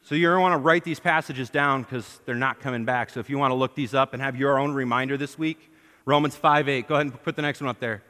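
A man's voice: mid-range voice, fairly even intonation, quick pace, bright, forceful tone. A man preaching a sermon to his congregation, emphatic, asking them questions and acting out the lines he quotes. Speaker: pastor. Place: church hall. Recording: long hall reverb.

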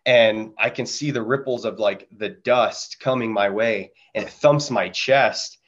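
A man's voice: medium pitch, measured pace, few pauses, a bit bright, dull audio. A man, a Marine veteran and podcast guest, telling war stories in a candid, profane, casual way and mimicking gunfire sounds. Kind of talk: casual storytelling.

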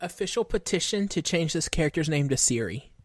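A woman with a fairly low voice for her sex, co-hosting a casual podcast. She chimes in with dry, sarcastic one-liners. The tone stays easygoing and conversational. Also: lively intonation, fairly quick, no room sound. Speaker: podcast co-host. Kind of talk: casual chat.

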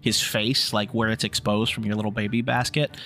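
A man's voice: fairly low pitch, level tone, brisk, bright, forceful tone. A man narrating as game master of a tabletop game, in a laid-back, casual way with filler words.

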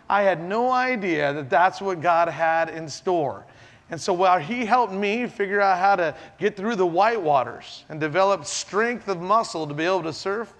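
A man's voice: high-pitched, fairly bright tone. A man preaching as a pastor, telling a personal story and acting out the dialogue with animation. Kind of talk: sermon storytelling. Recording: long hall reverb.

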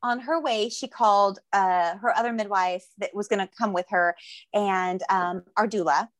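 A young woman telling a story in a casual chat, lively and jokey, acting out the voices she quotes. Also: medium pitch, moderate pace, no room sound. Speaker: guest telling her birth story.

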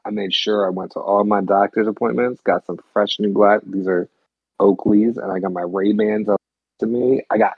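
A man's voice: lowish voice, fairly even intonation, normal speed, creaky, husky, no room sound. A young man chatting casually on a podcast, laid-back and teasing, with some swearing. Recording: tinny phone-like line.

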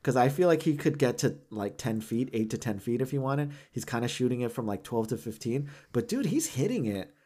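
A man's voice: medium pitch, very animated, brisk, few pauses, dark tone. A laughing, casual male co-host. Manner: laughs often, many "like" fillers, acts out quoted voices. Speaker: podcast co-host. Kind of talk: casual chat.

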